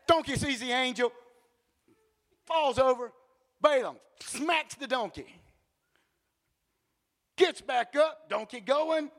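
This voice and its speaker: A male preacher giving a sermon in animated storytelling, with blunt joking asides and bursts of shouting. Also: extremely high pitch, slow, pauses often, long reverb tail.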